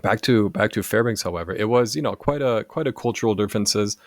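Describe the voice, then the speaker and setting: A low-voiced man in his forties from Germany, a native German speaker, tells stories as a podcast guest. He talks in a lively way and keeps checking in with "right?". His voice is recorded close and dry. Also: quick pace, dry recording. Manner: lively, tags sentences with "right?". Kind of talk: casual storytelling chat.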